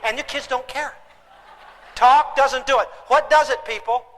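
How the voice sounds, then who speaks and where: A man gives a comic parenting lecture, talking animatedly and breaking into shouted sound effects. His voice is very high and bright. The sound has the long reverb of a large hall. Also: fairly even intonation, measured pace. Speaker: parenting speaker. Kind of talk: humorous lecture to an audience.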